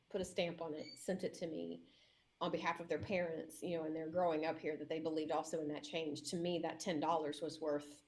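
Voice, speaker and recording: A woman's voice: fairly low pitch, darkish tone. A woman who is a mayor, telling heartfelt campaign stories and acting out quotes with emotion. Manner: emotional, acts out quotes in her story. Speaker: guest mayor.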